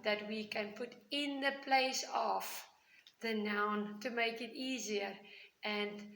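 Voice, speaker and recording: A woman's voice: on the high side, gravelly, pushed and bright, reverberant, rough recording. A woman, a primary school teacher patiently explaining grammar to young children with repeated examples. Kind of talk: recorded grammar lesson for children.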